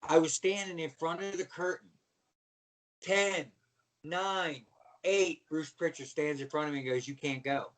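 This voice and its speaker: Middle-aged man, high voice, animated profane storyteller, podcast guest. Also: fairly quick, few pauses, distant mic. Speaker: guest, former pro wrestler. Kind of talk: storytelling in casual chat.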